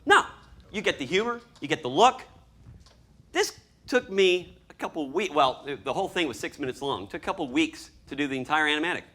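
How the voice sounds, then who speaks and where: A man giving a lively talk to an audience as a storyboard artist, acting out scenes as he explains them. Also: a little high, brisk. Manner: animated, acts out scenes and voices.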